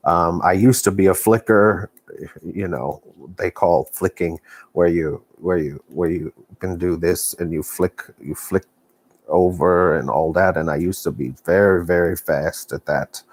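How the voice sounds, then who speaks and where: A man's voice: low-pitched, unhurried, no room sound. A man with a Texan accent chatting casually on a live stream from his home, folksy and rambling with lots of fillers. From Texas. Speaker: knitting vlogger. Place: home living room.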